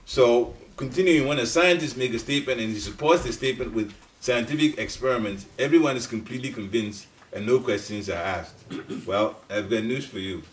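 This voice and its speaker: A middle-aged man giving a devotional class talk in a storytelling way, laughing at times and jumping up in pitch. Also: slight background noise. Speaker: speaker at a devotional study group. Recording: voice picked up from a distance.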